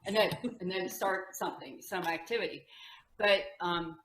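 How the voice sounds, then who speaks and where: A woman's voice: fairly low pitch, fairly even intonation, moderate pace, background noise. A woman music teacher, a guest on the podcast, talking earnestly about teaching and acting out what she says to children. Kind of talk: casual chat. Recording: echoey room.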